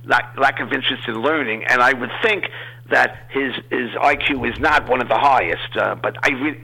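A man from New York, a guest on a radio talk show, giving measured opinions in casual chat. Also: mid-range voice, vocal fry, bright, forceful tone, slightly rough, poor audio. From Queens, New York. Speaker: guest commentator.

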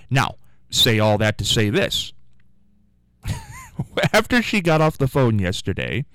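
A man hosting a radio show, telling a rambling story with animated asides in a casual on-air monologue. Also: mid-range voice, no room sound, rough recording.

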